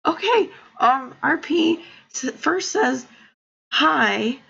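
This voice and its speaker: A woman's voice: high voice, lively intonation, drawn-out words, vocal fry, fairly bright tone, dull audio. A woman live streamer, tearful and crying, talking to her viewers in breathless exclamations broken by laughter.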